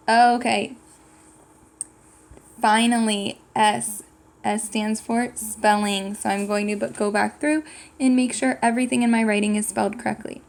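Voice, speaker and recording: Woman, teacher, slow patient classroom delivery, gravelly edge, sounds out words. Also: on the high side. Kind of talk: slow, clear classroom lesson for young children.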